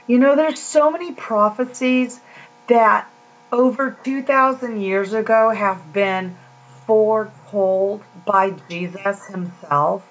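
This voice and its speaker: A woman's voice: medium pitch, a bit bright. A woman giving a casual, earnest devotional talk, telling stories in a rambling, heartfelt way. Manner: slow, earnest, rambling storytelling. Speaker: Christian video host. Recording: dull lo-fi home recording.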